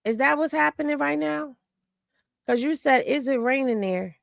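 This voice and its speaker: A woman's voice: high-pitched, normal speed, vocal fry, no echo, studio quality. A tired woman, chatting with viewers about celebrity gossip on a home livestream. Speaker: livestream host. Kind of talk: casual livestream chat.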